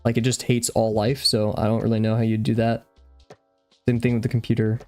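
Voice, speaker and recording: A man's voice: on the low side, flat delivery, brisk, darkish tone, faint music behind. A young man chatting casually on a live stream while he draws, out of breath, rambling and easily sidetracked.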